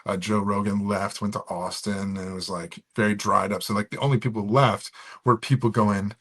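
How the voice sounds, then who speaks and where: Male stand-up comic, about 40, from florida, lowish voice, rambling, lots of fillers. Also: moderate pace. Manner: rambling, filler-heavy, animated. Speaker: stand-up comedian guest. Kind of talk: casual podcast interview.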